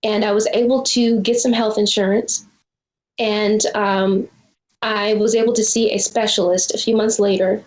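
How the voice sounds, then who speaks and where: A woman's voice: mid-range voice, level tone, normal speed, echoey room, low-quality recording. A woman in her forties, a filmmaker being interviewed, telling a personal story in an earnest, reflective way. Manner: earnest, reflective, acts out quoted dialogue. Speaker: guest filmmaker.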